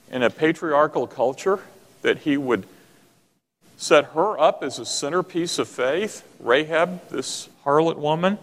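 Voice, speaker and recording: A man's voice: medium pitch, gravelly. A man preaching a sermon, emphatic and full of rhetorical questions aimed at the congregation. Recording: long reverb of a hall.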